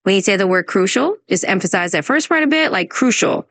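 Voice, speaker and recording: A woman's voice: medium pitch, lively intonation, quick pace, fairly bright tone. Upbeat AI woman tutor voice. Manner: upbeat, encouraging, gives pronunciation tips. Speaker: AI English conversation tutor. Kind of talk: scripted conversation practice.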